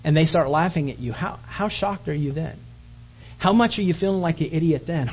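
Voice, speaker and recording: A male preacher delivering a sermon as animated storytelling that builds to emphatic peaks. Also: on the high side, fairly quick, husky. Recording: dull lo-fi recording.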